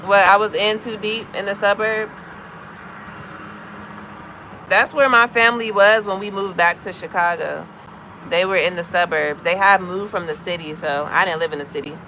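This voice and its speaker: A woman's voice: mid-range voice, steady tone, moderate pace, bright, forceful tone, a little hiss or hum. A woman in her thirties with an American accent, chatting casually with viewers on a livestream, greeting people by name as she moves from one comment to the next. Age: 30s. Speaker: livestream host. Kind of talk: casual live chat with viewers.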